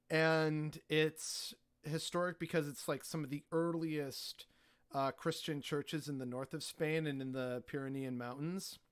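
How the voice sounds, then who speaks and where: A man with a slightly high, clean-toned voice shares travel stories on a podcast as a guest. He rambles loosely and packs his speech with "like" and "you know."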